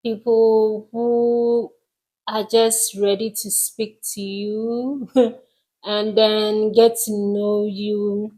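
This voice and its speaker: A woman from Ghana with a Ghanaian accent, chatting casually as a podcast co-host, relaxed and unhurried with frequent ums. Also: medium pitch, low-quality recording. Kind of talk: casual chat.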